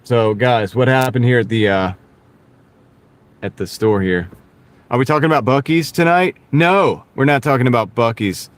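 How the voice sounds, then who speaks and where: A man's voice: medium pitch, normal speed. A man chatting casually with viewers while he drives for a delivery app, joking between orders, on a clip-on mic inside a car. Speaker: delivery driver streaming live. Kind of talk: casual live-stream chat while driving. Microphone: wireless clip-on mic.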